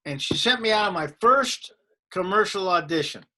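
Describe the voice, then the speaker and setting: A man in his sixties, a comedian guest telling anecdotes in an animated way in a casual interview. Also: sits high, normal speed.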